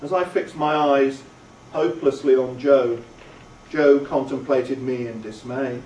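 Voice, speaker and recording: A man narrating an audiobook in a slow, measured storytelling way. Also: medium pitch, steady tone, a little mellow, a little hiss or hum. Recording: roomy, distant, faint ambience.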